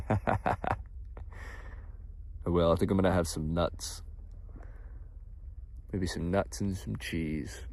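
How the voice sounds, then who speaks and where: A man's voice: deep voice, slow, pauses often, darkish tone. A man chatting on a late-night livestream in a loose, awed and profane way, drawing out his words and laughing often.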